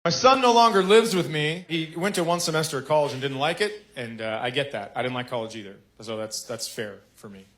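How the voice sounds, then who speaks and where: A male comedian with a bright, forceful voice, talking in a laid-back and halting way. He tells the story as a father. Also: on the high side. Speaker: stand-up comedian. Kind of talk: stand-up storytelling.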